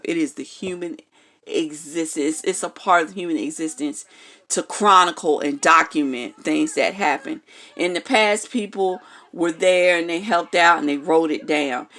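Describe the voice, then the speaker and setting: Low, gravelly-voiced blunt woman. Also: a bit bright. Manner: blunt, frank, swears freely; keeps checking in with "okay?". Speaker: tarot card reader. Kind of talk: casual instructional vlog.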